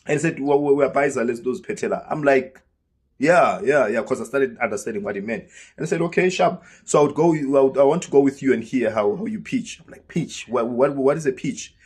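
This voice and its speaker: A man's voice: mid-range voice, fairly quick, slightly rough. A South African man casually telling a personal story, acting out the dialogue as he goes. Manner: lively storyteller who acts out quoted dialogue. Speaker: vlogger.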